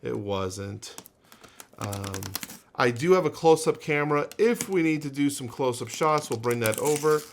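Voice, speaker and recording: A man's voice: mid-range voice, lively intonation, unhurried, a little hiss or hum. A man hosting a casual unboxing video, rambling and thinking aloud with lots of fillers and restarts. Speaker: unboxing channel host.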